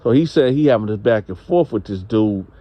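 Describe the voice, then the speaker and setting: A man's voice: fairly low pitch, animated, a little fast, lo-fi sound. A man telling a story in a casual, rambling, conversational way. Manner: rambling, conversational, unsure on details. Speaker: channel host.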